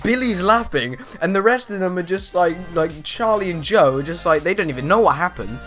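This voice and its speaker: A teenage boy tells stories in a loose, rambling way, full of fillers. His voice sits a little high and sounds bright and forceful. Faint music plays softly behind him. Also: brisk. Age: teens. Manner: rambling, animated, lots of "you know" fillers. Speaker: vlogger. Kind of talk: casual storytelling vlog.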